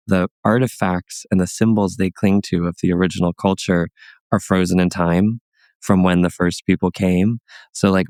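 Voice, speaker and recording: Low gravelly man, chatty storyteller. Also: dry recording, clean studio sound. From Chicago, United States. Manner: animated, filler-heavy with many "like"s. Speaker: guest, comedian. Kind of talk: casual conversational storytelling.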